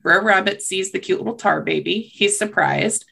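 A woman's voice: medium pitch, normal speed, vocal fry, bright, forceful tone, breathy edge. A young adult woman hosting a podcast, telling a folktale in a casual, chatty way with wry asides. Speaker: podcast host. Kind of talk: casual storytelling chat.

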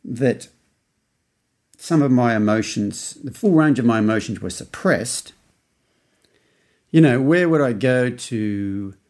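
Gravelly Australian man in his fifties. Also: mid-range voice, expressive, slow pace, long pauses, darkish tone. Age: 50s. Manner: rambling, with many restarts and acted-out quotes. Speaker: podcast host. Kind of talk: casual storytelling monologue.

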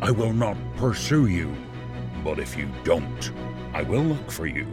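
A man playing a calm, menacing caller who slowly spells out a threat, in a low measured voice. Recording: over dramatic music.

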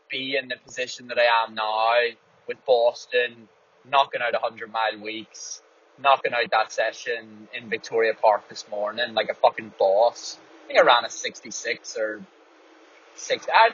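A man's voice: medium pitch, a bit bright, breathy edge. A man, a runner, talking candidly in a casual rambling monologue while driving a small car, swearing freely. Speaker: distance runner and podcast host. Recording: dull audio, faint road noise.

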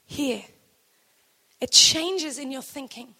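A woman preaches a sermon and tells a scripture story with lively energy. Her voice sits very high and sounds bright and clear. She acts out the voices of the people in the story as she goes. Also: slow. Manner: animated storytelling, acts out quoted dialogue.

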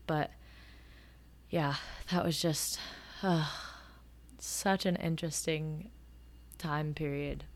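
A woman's voice: low-pitched, takes it slowly, long pauses. Young woman telling work stories. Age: 20s. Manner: animated, acts out quotes. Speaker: podcast host. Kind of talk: casual storytelling.

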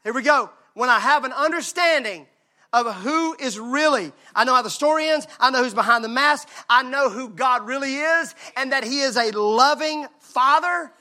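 A male pastor preaching a sermon. He swings from hushed, intimate lines to loud, shouted emphasis. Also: very high voice, moderate pace.

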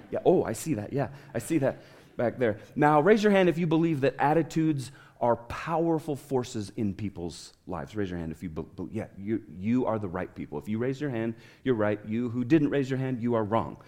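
A man's voice: mid-range voice, darkish tone. A man preaching a sermon as a pastor in a church, telling stories and asking the congregation for a show of hands.

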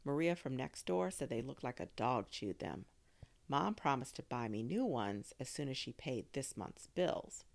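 A woman narrating a children's story in an expressive storytelling manner. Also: rumbling low, a little slow, creaky. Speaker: audiobook narrator.

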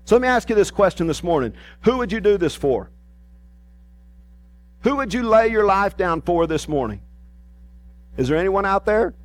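A male pastor preaching an animated sermon, swinging between emphatic rises and soft low asides. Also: moderate pace, long pauses.

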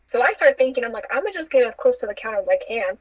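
A woman's voice: a little high, very fast, dry recording, low-quality recording. Playful young woman telling a story. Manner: animated, acts out quotes with playful asides and laughs. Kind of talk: casual storytelling chat.

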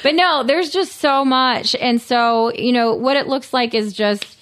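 A woman's voice: sits high, a little slow, fairly bright tone, clean tone. A woman talking earnestly in a casual conversation, sharing a personal recovery story with lots of fillers. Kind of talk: casual chat.

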